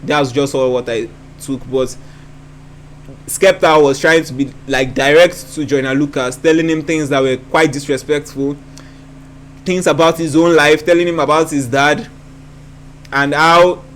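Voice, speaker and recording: A man's voice: a little high, fairly even intonation, measured pace, fairly bright tone, slight background noise. A man hosting a reaction video, breaking down rap lyrics in a thoughtful way and often repeating himself as he thinks aloud.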